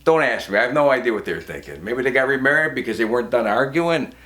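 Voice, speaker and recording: Man in his fifties for a stand-up set: wry, quick asides, lively up-and-down delivery. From Cleveland, Ohio. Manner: wry storytelling, quick asides, drops low for quoted voices. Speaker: stand-up comedian.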